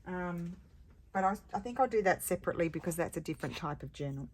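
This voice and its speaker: A woman's voice: lowish voice, expressive, quick pace, a little hiss or hum. A middle-aged woman chatting casually and rambling about her day while she works on a craft project. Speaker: craft video host.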